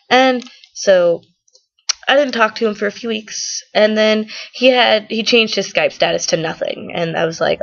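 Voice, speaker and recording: A woman's voice: mid-range voice, moderate pace, gravelly, highs cut off. A teenage girl vlogging, retelling a falling-out with a friend in a rambling, gossipy way. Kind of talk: casual storytelling to camera.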